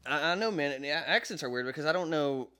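A man's voice: a little high, fast, sharp tone. A young man from Jacksonville, Florida, co-hosting a podcast in casual chat, rambling and swearing freely. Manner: profane, rambling storyteller. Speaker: podcast co-host.

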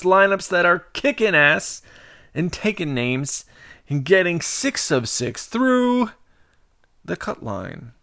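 Animated man hosting a podcast. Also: fairly high pitch, no room sound, clean studio sound. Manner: animated and jokey. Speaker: podcast host. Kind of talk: casual betting-podcast talk.

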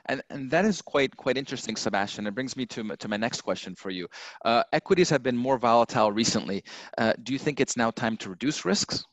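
A man's voice: mid-range voice, fast, no room sound. A man hosting a finance interview show, putting questions to a guest with stammering restarts and repeated words. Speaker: show host.

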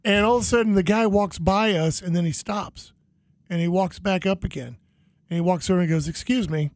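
High-voiced animated storytelling man. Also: brisk, no echo. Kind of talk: casual storytelling chat.

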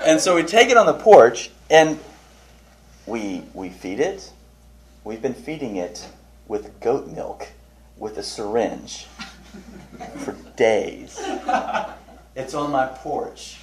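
A man teaching a small Bible study group, chatty and animated, asking questions and telling funny stories. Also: mid-range voice. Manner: tells funny anecdotes with restarts. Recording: roomy, distant mic, faint noise.

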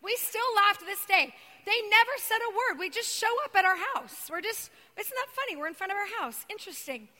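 High, bright-voiced woman preaching. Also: animated, fairly quick. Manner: dramatic storytelling, swinging between loud cries and hushed near-whispers. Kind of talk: sermon. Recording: long reverb of a large hall.

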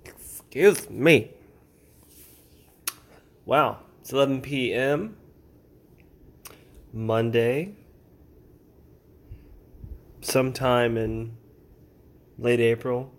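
A man hosting a casual late-night solo podcast, rambling in a relaxed way with jokes and asides. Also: medium pitch, very slow, pauses often. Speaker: podcast host.

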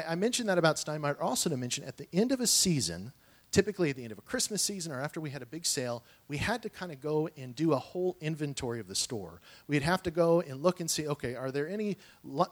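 A man's voice: a little high, animated, quick pace. A man telling personal stories in a sermon, earnest and conversational, with frequent restarts and asides. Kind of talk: sermon storytelling.

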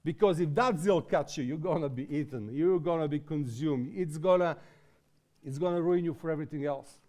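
A man preaching a sermon in English, which is not his first language, building from quiet talk to impassioned exhortation. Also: fairly high pitch, brisk. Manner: impassioned, rises to shouting exhortation.

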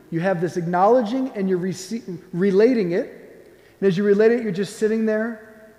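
A man giving a gentle, conversational talk on prayer, often acting out the prayers he describes. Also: high voice, moderate pace. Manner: gentle, playful, acts out quoted prayers. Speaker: Catholic speaker on prayer. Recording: echoey hall with long reverb.

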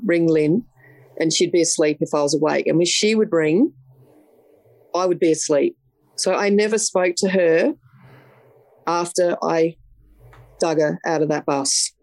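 An Australian woman, a police officer, telling her story frankly in an interview, blunt and quick to swear. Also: on the low side, a little mellow, no room sound, rough recording. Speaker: police detective sergeant, podcast guest.

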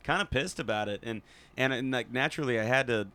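A man's voice: mid-range voice, fast talker, bright, forceful tone, clear, resonant tone. A man who teaches voice, telling a story in a casual chat with a laid-back manner and plenty of fillers.

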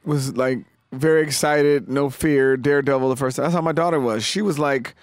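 A man's voice: mid-range voice, fairly even intonation, moderate pace, clear, resonant tone, dry recording. A man co-hosting a podcast, cracking dry jokes in casual chat. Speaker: podcast co-host.

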